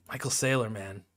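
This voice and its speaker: A man's voice: fairly low pitch, bright, forceful tone. A man giving casual, rambling video commentary in a sarcastic, mocking tone, full of restarts, profanity and jokey asides. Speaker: video creator.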